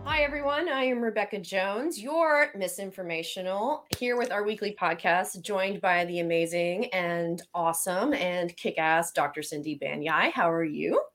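A woman's voice: medium pitch, normal speed, hardly any pauses, a bit bright, soft background music. Tired Southern woman hosting a podcast. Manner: chatty, laughs easily, talks about being tired. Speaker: podcast host. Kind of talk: casual podcast chat.

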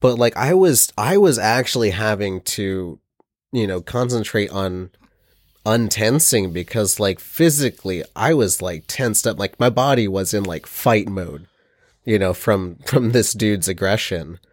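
Man, low voice, earnest rambling storyteller, casual chat, dry sound. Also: expressive, measured pace, no echo.

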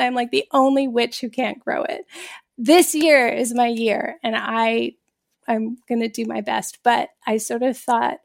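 A woman in her forties hosting a podcast interview, telling stories in a chatty, animated way with frequent laughs. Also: fairly high pitch, moderate pace, creaky. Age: 40s. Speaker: podcast host.

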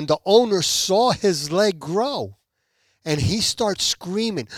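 A man's voice: high voice, moderate pace, dry recording, clean studio sound. A man from Puerto Rico, a podcast guest, telling a testimony with animation and acting out the people in it. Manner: animated, acts out quoted people. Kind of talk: testimony storytelling.

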